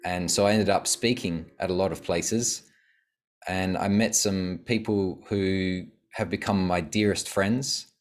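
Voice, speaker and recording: A man, a podcast guest, telling reflective stories about his life in a casual conversation. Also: low-pitched. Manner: reflective storytelling.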